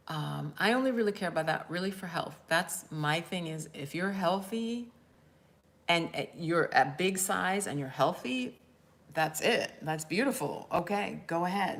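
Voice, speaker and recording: A woman with a lowish voice hosts a casual live stream as a spiritual coach. She talks in a rambling, candid way and turns to her viewers often. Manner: rambling, chatty and candid, addresses viewers directly.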